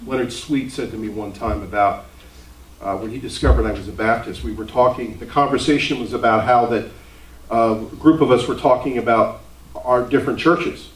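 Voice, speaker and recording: A man's voice: medium pitch, slight background noise. Earnest preacher man in echoey room. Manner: earnest, rising to emphatic questions. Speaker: pastor teaching ministry class. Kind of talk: classroom sermon lecture. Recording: roomy echo, mic at a distance.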